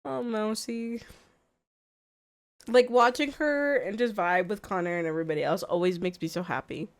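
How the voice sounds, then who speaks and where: A woman streamer giving blunt, profane reaction commentary that swings between loud outbursts and low mumbling. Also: fairly even intonation, moderate pace.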